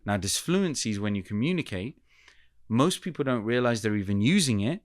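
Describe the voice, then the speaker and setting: A man with a British accent, a communication coach explaining points in a measured, coaching way during an interview. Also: mid-range voice, lively intonation, dry recording, clean studio sound. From United Kingdom. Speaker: communication coach, podcast guest. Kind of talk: casual interview chat.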